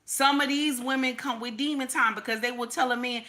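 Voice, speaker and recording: A woman's voice: high voice, steady tone, a little fast, bright, forceful tone. A woman, giving sassy, repetitive livestream commentary and reading viewer comments aloud. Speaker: commentary streamer.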